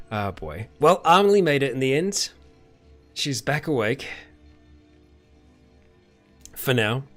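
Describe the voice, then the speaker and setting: A British man hosting a casual live-stream Q&A, chuckling often as he answers chat questions in a relaxed, rambling way. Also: mid-range voice.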